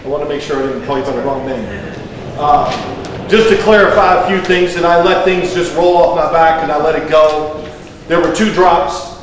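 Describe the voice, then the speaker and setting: A man's voice: on the high side, moderate pace, a little hiss or hum. A man in his sixties with a Kentucky accent, giving a folksy, joking speech as guest of honor. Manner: folksy, joking, rambling anecdotes. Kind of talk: public speech. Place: large indoor hall. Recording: echoey hall, distant mic, faint background.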